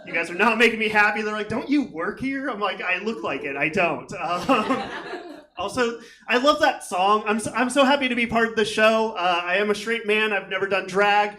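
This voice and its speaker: Man, stand-up comic, high voice, rambling, self-deprecating, stage mic, loud crowd laughter. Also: normal speed. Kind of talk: stand-up comedy set. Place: comedy theater stage. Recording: live club with crowd. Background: audience laughter.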